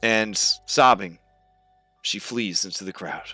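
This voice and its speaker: A male game master narrates the scene in a bright, ringing voice. His delivery is lively and descriptive, with faint music underneath. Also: on the low side, slow pace, dry recording.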